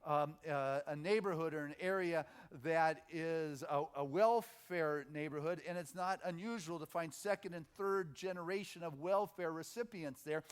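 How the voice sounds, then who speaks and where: Slightly high-voiced man preaching conversationally. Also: clear, resonant tone. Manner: informal, halting restarts, builds on repeated phrases. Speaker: minister. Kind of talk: conversational sermon. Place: spiritual center sanctuary.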